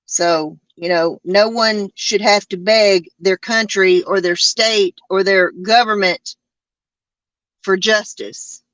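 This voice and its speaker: A woman's voice: mid-range voice, fairly even intonation, slow, a bit bright, no echo, lo-fi sound. A woman, hosting a podcast in a casual chat that rambles and halts with many fillers and restarts. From Arkansas. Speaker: podcast host.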